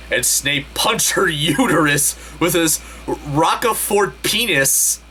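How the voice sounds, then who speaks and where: A man hosting a comedic dramatic reading, deadpan and slow, with exasperated asides. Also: a little high, slight background noise. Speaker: host.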